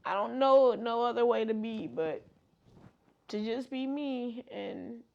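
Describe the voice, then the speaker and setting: Gravelly young woman, emphatic. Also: a little high, takes it slowly, a little mellow, muffled recording. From Georgia, US. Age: young adult. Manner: emphatic, repeats her points. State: close to tears. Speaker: interviewee. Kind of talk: personal testimony interview.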